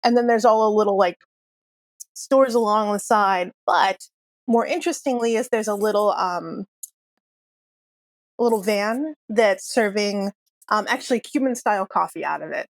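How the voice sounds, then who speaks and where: A woman's voice: mid-range voice, moderate pace, long pauses, no echo. A woman narrating as game master of a tabletop game, chatty with frequent laughs and fillers.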